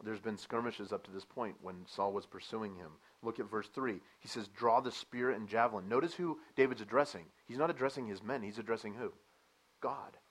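A man preaching a sermon, animated and emphatic, asking the listeners rhetorical questions and dropping to a quieter explaining tone at times. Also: fairly low pitch, fairly quick, slightly rough, poor audio.

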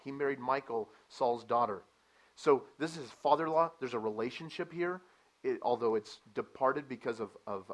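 A man preaching a sermon, animated and emphatic, asking the listeners rhetorical questions and dropping to a quieter explaining tone at times. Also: mid-range voice, rough recording.

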